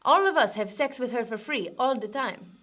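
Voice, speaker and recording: A woman's voice: on the high side, animated, normal speed, a bit bright. A crude Spanish bar regular, put on by a woman. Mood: boastful.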